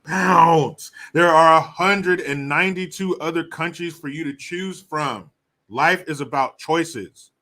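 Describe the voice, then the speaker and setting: A man's voice: a little high, a little slow, bright, forceful tone. A man hosting a live political commentary show, ranting heatedly and swearing freely. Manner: reads viewer comments aloud.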